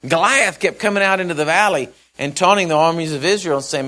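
A man preaching a sermon in a folksy storytelling way, acting out the characters and repeating phrases, swinging from loud to soft. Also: fairly high pitch, fast talker, few pauses.

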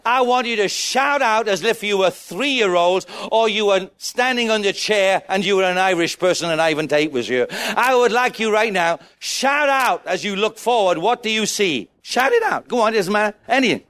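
A man preaching a sermon, urging the congregation to shout back, with a playful manner and little acted-out scenes. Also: high-pitched, lively intonation, normal speed, few pauses, clean tone. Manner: exhorting, calls on the congregation to shout.

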